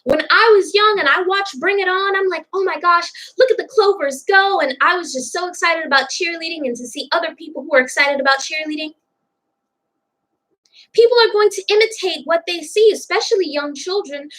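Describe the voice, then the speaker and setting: A woman's voice: very high voice, a little fast, pushed and bright, rough recording. A young woman commenting on a TV clip in a reaction vlog, outspoken and indignant, stressing her points with emphasis.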